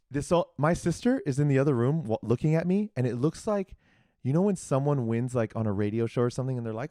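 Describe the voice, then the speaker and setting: Man, young adult, casual podcast storytelling, acts out dialogue, mellow dark tone, dry close sound. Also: medium pitch, no room sound. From California. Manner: animated, acts out quoted dialogue, many fillers. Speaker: podcast guest telling his story. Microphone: podcast mic.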